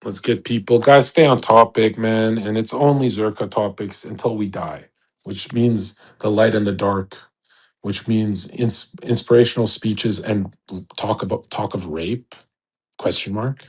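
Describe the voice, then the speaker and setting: Husky-voiced man, brash and profane. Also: fairly even intonation, unhurried. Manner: profane and brash, swings between loud outbursts and low mutters; mocks people in put-on voices. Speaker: host of a live audio chat room. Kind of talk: ranting live monologue.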